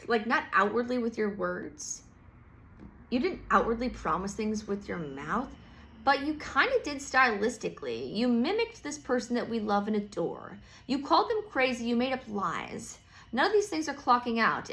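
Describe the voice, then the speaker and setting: A woman's voice: fairly high pitch, fairly bright tone. A woman giving a casual tarot reading, rambling with many fillers, swearing freely and slipping into playful quoted voices. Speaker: tarot reader.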